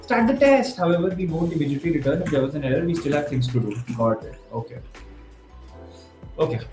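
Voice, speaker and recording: A man in his twenties streaming a live coding session, thinking aloud and getting excited, mixing in Hindi words. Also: a little high, quick pace. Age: 20s. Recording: roomy with faint music behind.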